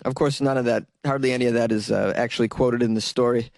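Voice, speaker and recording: A man's voice: mid-range voice, steady tone, fast, creaky, few pauses, darkish tone, no room sound. A young man hosting a comedy show, stoned and giggly, riffing sarcastically on odd news stories. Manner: laid-back, giggly, sarcastic.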